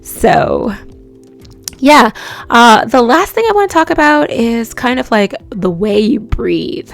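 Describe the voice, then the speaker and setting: A young woman talks through voice and microphone tips in a relaxed vlog. Her delivery is chatty and animated, full of likes and you-knows. Faint music plays quietly underneath. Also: a little high, slow, creaky. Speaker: voice-over and radio host giving tips.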